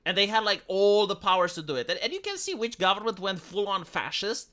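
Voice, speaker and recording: A man's voice: high-pitched, lively intonation, brisk, pushed and bright. A man from Romania ranting on a livestream, profane and full of restarts and fillers. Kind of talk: casual opinionated livestream rant.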